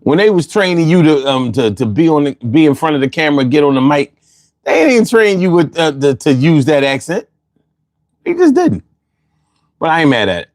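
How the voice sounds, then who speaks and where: A man's voice: fairly high pitch, expressive, a little fast, no echo, clean studio sound. Loose-talking man hosting a livestream. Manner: loose, conversational, slangy, laughs often. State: bothered by allergies. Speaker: livestream host reading chat. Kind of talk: casual livestream chat.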